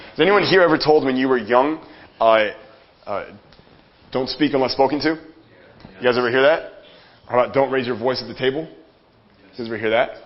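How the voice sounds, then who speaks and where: Man, motivational seminar speaker, profane, fired up, muffled lo-fi sound. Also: mid-range voice. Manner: energetic, profane, addresses the room directly. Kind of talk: live motivational seminar talk. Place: conference room with audience. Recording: dull lo-fi sound.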